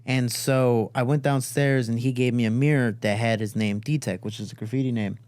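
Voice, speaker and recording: Speaking at a normal speed in a mid-range voice, a man from Chicago recounts a family story in a relaxed studio chat. He gets animated, raising his voice to play the people he's quoting.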